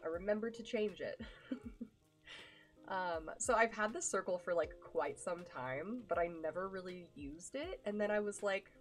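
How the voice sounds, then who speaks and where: A young woman streams live, chatting casually with her viewers in a gushing, affectionate manner full of ums and likes. Her voice is lowish and animated, at a normal speed, with soft music playing in the background.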